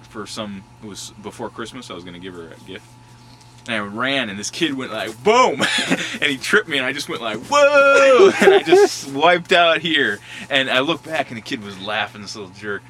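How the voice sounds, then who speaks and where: Guy outside at his old school telling recess stories, bright voice, does all the voices and boom noises. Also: slight background noise, rough recording. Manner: animated, acts out quotes and sound effects, laughs often. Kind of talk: casual reminiscing. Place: outdoors at a schoolyard.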